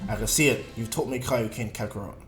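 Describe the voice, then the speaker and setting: A man voicing a proud male alien warrior prince with gruff, grudging remarks. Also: lowish voice, fast talker, fairly bright tone, voice pushed down, natural voice. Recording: echoey room, faint music.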